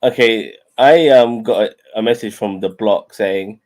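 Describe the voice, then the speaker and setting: A man's voice: fairly low pitch, normal speed, darkish tone. A man co-hosting a casual podcast chat, hesitant and sweary, with many stammered restarts. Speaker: podcast co-host.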